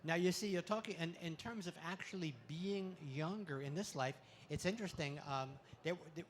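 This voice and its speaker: A man giving a playful talk to an audience at an expo, full of deadpan puns and laughter exercises, speaking into a handheld mic. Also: high-pitched, normal speed, a little hiss or hum. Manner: pun-filled deadpan jokes. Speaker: comedic spiritual speaker.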